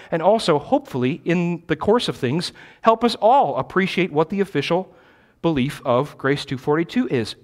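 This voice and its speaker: A male pastor delivers a teaching sermon in a church, his voice sitting notably high for a man. He swings his pitch widely and leans hard on repeated key phrases to drive each point home.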